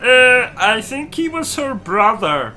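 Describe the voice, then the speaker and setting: Man doing Bertram, a timid high-voiced sidekick. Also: big pitch swings, slow pace, bright, forceful tone, faint music behind, full character voice. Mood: hesitant. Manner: starts nearly every line with a nervous "um" or "uh". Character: timid, hesitant male sidekick assistant.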